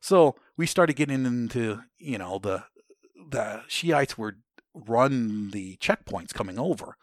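Telling war stories in a conversation, a U.S. military veteran speaks in a mid-range voice with lively intonation, taking his time. He's blunt, curses, and rambles with frequent restarts and "you know" fillers. The studio sound is clean with no echo.

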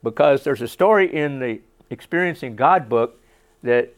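A man's voice: medium pitch, lively intonation, normal speed, clean tone. A middle-aged man, a pastor preaching a sermon in an earnest, conversational way with asides to the congregation.

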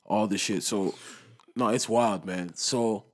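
A young man in casual chat, talking with lively swings between loud bursts and low mutters, full of street slang. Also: takes it slowly.

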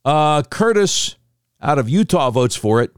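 A man reads through a list and comments on it in an indignant, sarcastic tone. His pitch is lively and swings widely. The recording is dry and close, with no room sound. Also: a little slow, smooth, no echo. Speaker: political commentator. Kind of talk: reading a vote list with commentary.

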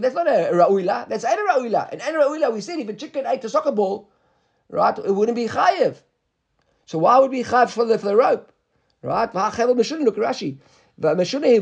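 A man's voice: extremely high pitch, vocal fry, darkish tone, slightly rough. A man teaching a Talmud class, explaining step by step and often checking with "right?", mixing English with Hebrew and Aramaic terms.

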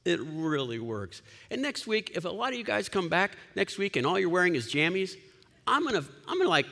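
A man preaching a sermon as a pastor, playful and joking, with bursts of loud mock commands. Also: fairly high pitch, fairly quick, gravelly. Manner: lively, laughing, playful asides and sudden loud commands. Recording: long hall reverb.

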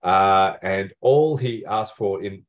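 A man's voice: sits low, takes it slowly. A man with an Australian accent, a podcast co-host who rambles and chuckles through casual chat. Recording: dull lo-fi sound.

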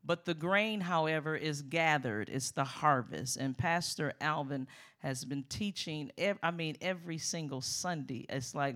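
A middle-aged woman preaching a sermon as a guest speaker, lively and emphatic, calling out to the congregation. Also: low voice, a little slow.

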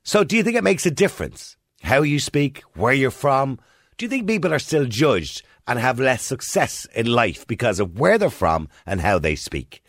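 A man's voice: medium pitch, very animated, moderate pace, fairly bright tone, dry recording, clean studio sound. A man in his sixties with a mild Dublin accent, hosting a chatty radio phone-in and putting questions to listeners. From Ireland. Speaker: radio presenter. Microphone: studio microphone.

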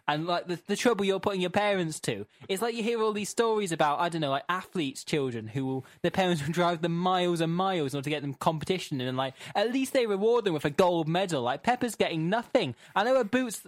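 A young man co-hosting a podcast, telling a comic story as an incredulous, animated rant with laughing asides. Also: high-pitched, no echo, clean studio sound. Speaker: podcast co-host.

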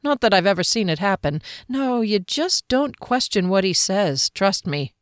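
A woman's voice: medium pitch, sing-song, moderate pace, no room sound, clean studio sound, lightly acted. A woman voicing a blunt, casual-talking male soldier with slangy, wry speech.

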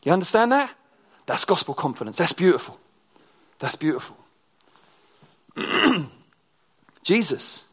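Male preacher, high voice, sermon with hushed, intense drops. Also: measured pace, pauses often, slightly rough. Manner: shifts from animated to hushed, near-whispered intensity.

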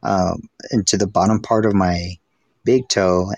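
A man's voice: deep voice, steady tone, a little slow, darkish tone, no echo. A man in casual chat who talks in a laid-back way, swears, and laughs often.

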